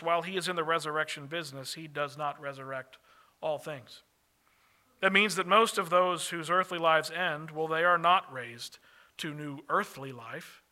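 A man preaches a sermon with a high, strikingly bright voice. He speaks earnestly, often slowing down and sinking to a hushed tone on the phrases he wants to land. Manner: earnest, slows and drops softly on key phrases. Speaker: pastor.

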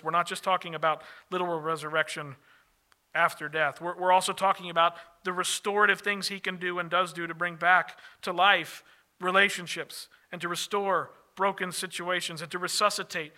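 A man preaches a sermon with a high, strikingly bright voice. He speaks earnestly, often slowing down and sinking to a hushed tone on the phrases he wants to land. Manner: earnest, slows and drops softly on key phrases. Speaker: pastor.

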